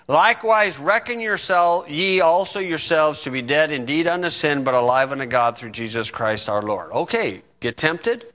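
A middle-aged man preaching a sermon, reading scripture slowly and adding folksy asides. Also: fairly high pitch, pushed and bright. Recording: long reverb in a hall.

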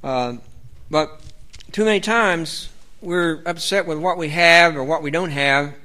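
A man's voice: fairly high pitch, unhurried, bright, forceful tone. A man preaching a sermon in an earnest, rambling way, stopping to read scripture aloud.

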